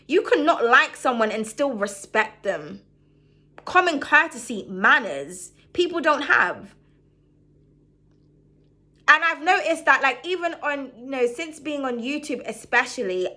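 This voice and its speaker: A young woman talks straight to her audience in a loose, rambling way, full of fillers. Her voice sits a little high and rings bright and forward. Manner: rambling, many fillers like "like" and "um", frank. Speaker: spiritual YouTuber. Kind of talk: casual talk to camera.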